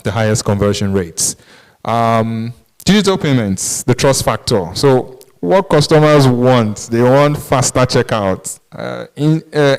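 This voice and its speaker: Male presenter, mid-pitched and smooth, talks a business audience through his points. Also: rough recording. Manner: explanatory, frequent "um" and "right?" tags. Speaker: e-commerce speaker at business masterclass. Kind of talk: conference presentation.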